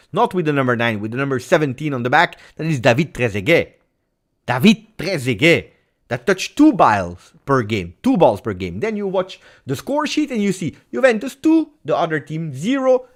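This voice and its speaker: A man hosting a live post-match football reaction stream, talking in a heated, emphatic way and repeating phrases for stress. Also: medium pitch. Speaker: football channel host.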